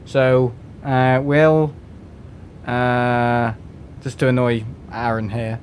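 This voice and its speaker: English guy rambling on his live stream, mid pitch, faint rumble behind. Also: level tone, drawn-out words. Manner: chatty, rambling, many restarts and fillers. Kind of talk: casual live-stream chat.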